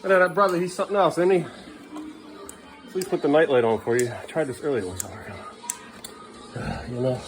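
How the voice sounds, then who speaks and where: A man's voice: fairly high pitch, brisk, long pauses. Man, father, casual home vlog, coaxing small children, playful banter, indoors, faint music behind. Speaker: father vlogging his day with his sons.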